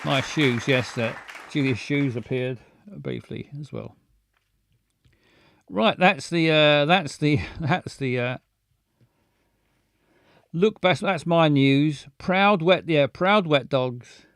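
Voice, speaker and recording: A man hosting a live show, chatting casually in a halting, playful way with many restarts and silly jokes. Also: on the high side, fairly bright tone, no room sound, some chatter behind. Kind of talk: casual rambling live chat.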